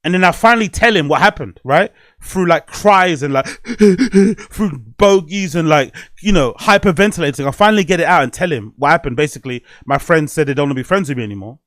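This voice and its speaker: A man's voice: on the high side, expressive, quick pace, hardly any pauses, fairly bright tone, no room sound, clean studio sound. Candid man rambling on a podcast. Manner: candid, rambling storytelling with frequent swearing and fillers. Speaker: podcast host. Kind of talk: casual podcast monologue.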